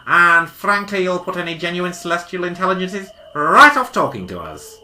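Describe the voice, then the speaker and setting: A woman acts out an excitable male weasel doctor who travels through time, in a homemade audio drama. His voice is bright and sharp and leaps wildly through its range as he declaims grandly and sulks when bored. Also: on the low side, normal speed, a little hiss or hum, heavily acted. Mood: excited. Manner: theatrical, bossy, easily bored. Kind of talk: hobby audio drama acting.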